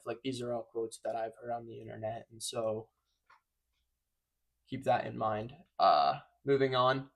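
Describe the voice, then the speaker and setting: A man's voice: mid-range voice, unhurried. A man talking casually to camera as a vlogger, rambling and breaking off mid-thought, close to the microphone. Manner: rambling, self-interrupting, offhand.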